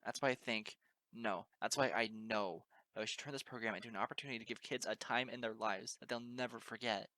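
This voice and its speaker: A man's voice: medium pitch, fairly quick, pushed and bright, dry recording, lightly acted. A man reading the part of an easygoing, teasing female pony teacher, in a breezy, sarcastic, pushy way. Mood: persuasive. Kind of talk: amateur audiobook reading.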